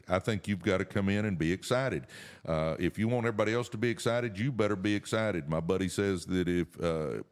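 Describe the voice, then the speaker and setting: A middle-aged man hosts a casual business podcast. His voice sits very low and deep, and he talks in a folksy, earnest, pep-talk way. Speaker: podcast co-host.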